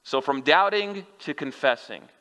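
A man's voice: on the high side, expressive, measured pace, bright, forceful tone, clear, resonant tone. A male pastor preaching a sermon, speaking earnestly and directly to his listeners. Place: church sanctuary. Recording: long church hall reverb.

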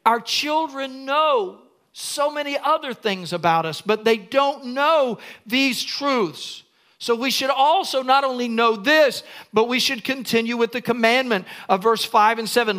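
An older man, a pastor, preaching a sermon in an emphatic way that rises to shouts. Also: extremely high pitch, unhurried.

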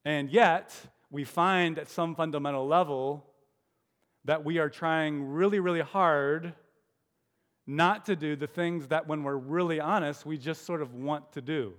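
A man's voice: a little high, unhurried, a bit bright. A man preaching a sermon as pastor, musing aloud with rhetorical questions. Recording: long hall reverb.

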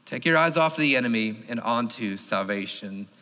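A man preaching a sermon as pastor, emphatic and animated. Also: medium pitch, moderate pace. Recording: long reverb of a large hall.

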